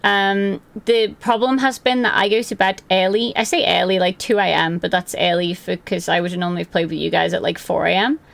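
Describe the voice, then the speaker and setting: A woman's voice: on the low side, steady tone, a little fast, creaky, few pauses. A young woman streaming live from her room at home, chatting loosely and answering her chat by name.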